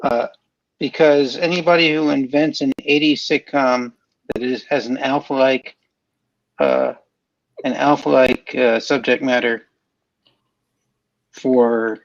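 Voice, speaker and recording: A man judging a comedy game show on a video call, halting with fillers and joking as he scores. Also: medium pitch, steady tone, vocal fry, highs cut off. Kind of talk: casual scoring banter.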